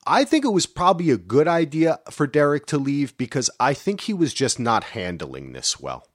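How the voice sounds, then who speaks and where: Animated man from New Jersey. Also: mid-range voice, moderate pace, no room sound, studio quality. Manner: animated, rambling, self-interrupting. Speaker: podcast co-host. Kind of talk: casual chat recapping a reality show.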